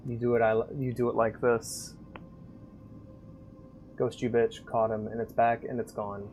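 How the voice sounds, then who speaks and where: A male game streamer jokes crudely and chats with his viewers in a mid-pitched, easygoing voice. Faint music plays under his talk. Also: little pitch movement, a little slow, a little mellow. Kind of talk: casual live-stream chat.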